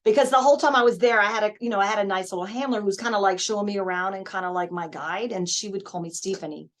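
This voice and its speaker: Lady in her 50s, chatty and animated, mid-pitch voice, telling stories on a podcast. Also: rapid-fire, a crowd in the background. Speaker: voice actress guest. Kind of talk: casual interview chat.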